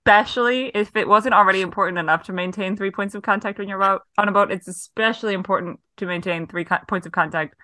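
A woman's voice: medium pitch, fast, hardly any pauses, sharp tone, no room sound. A young woman co-hosting a podcast, trading dry jokes and teasing her friend. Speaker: podcast co-host. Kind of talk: casual chat.

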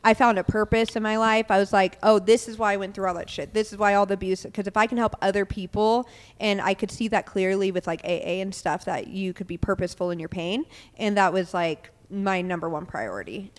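A young adult woman tells her story on a podcast, candid and unguarded, with plenty of "um"s and "like"s. Her voice is smooth and clear at a middle pitch. It rings out with a long reverb from the room. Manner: candid, quick retelling with many "um" and "like". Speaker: podcast guest. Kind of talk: casual personal storytelling.

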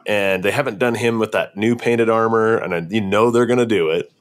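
Low-voiced man, rambling casual chat. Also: fairly even intonation, fairly quick. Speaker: podcast co-host.

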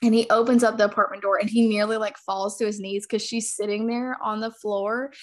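A woman co-hosting a casual book podcast, excitedly retelling scenes and acting out the characters' lines. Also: medium pitch, brisk. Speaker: podcast co-host.

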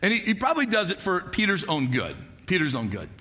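A man who is a pastor, preaching a sermon in an animated, storytelling way, often dropping in "like" and "right?". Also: high-pitched, fast.

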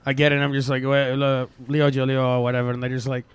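A man's voice: medium pitch, flat delivery, fast talker, clean tone, no room sound. A man co-hosting a podcast, joking in casual chat and mimicking other people's voices. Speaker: podcast co-host.

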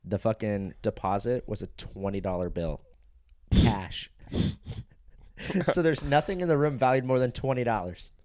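A man's voice: fairly low pitch, normal speed, long pauses, darkish tone, no room sound, studio quality. A man on a podcast telling a story casually, swearing a lot and laughing often. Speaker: podcast co-host.

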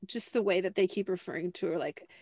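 A woman's voice: on the low side, fast talker, darkish tone, dry recording. Chatty young woman host, dry sound. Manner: chatty, fills with "like", acts out quotes. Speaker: podcast host. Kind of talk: casual chat.

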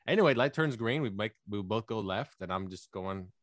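A man casually telling rambling, animated stories while chatting with friends on a podcast. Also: on the low side, normal speed, no echo, clean studio sound. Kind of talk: casual storytelling chat.

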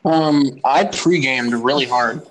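Young man, slow drawl, loud laid-back talk, noisy recording. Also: mid-range voice. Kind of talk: casual chat among friends.

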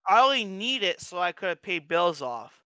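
A young man co-hosting a casual podcast, telling stories in an animated, profane way with frequent restarts. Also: high voice, a little fast, clean tone, dry recording. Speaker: podcast co-host. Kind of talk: casual chat.

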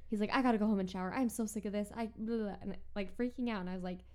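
A woman's voice: mid-range voice, steady tone, racing, darkish tone. A woman in casual chat as a podcast co-host. She tells stories freely and acts out what people said with little voices. She often fills in with "like.". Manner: chatty storyteller, acts out quotes.

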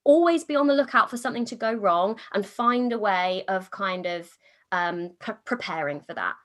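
A woman hosting a podcast, upbeat and chatty, talking quickly and enthusiastically in a casual conversation. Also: mid-range voice, a bit bright. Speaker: podcast host. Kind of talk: casual chat.

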